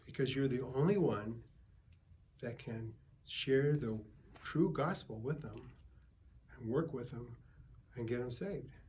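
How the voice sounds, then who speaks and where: A man's voice: mid-range voice, slow, darkish tone, a little hiss or hum. An older man preaching at a Bible study, a folksy pastor who tells stories and calls for amens from the group. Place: church.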